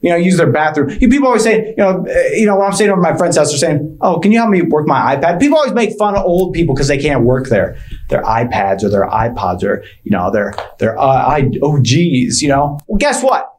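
A man doing a stand-up routine, rambling and hesitant and full of restarts, playing it deliberately awkward. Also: on the high side, very animated, darkish tone, a little hiss or hum. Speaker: stand-up comedian.

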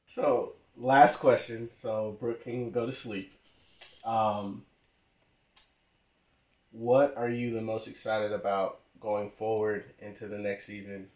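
A man's voice: on the low side, fairly even intonation, takes it slowly, a little mellow, roomy sound. A man leading a casual Q&A as guest interviewer, asking questions in an easygoing way.

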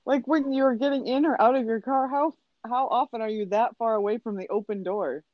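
A woman's voice: a little high, brisk, no echo. A woman co-hosting a casual podcast, asking wry questions and laughing easily. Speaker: podcast co-host. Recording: dull, lo-fi.

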